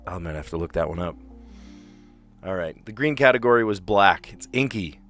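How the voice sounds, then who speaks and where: A man's voice: deep voice, lively intonation, fairly quick, a bit bright, soft background music. A man casually thinking aloud as he reads puzzle clues and works through answers, with frequent restarts. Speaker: streamer playing word puzzles.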